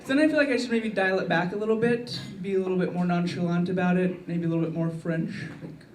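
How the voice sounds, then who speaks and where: Deadpan woman stand-up comic; roomy club sound with steady background noise. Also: lowish voice, fast talker, distant mic. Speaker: stand-up comedian. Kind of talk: stand-up routine. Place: comedy club. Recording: echoey club miked from afar, crowd laughter.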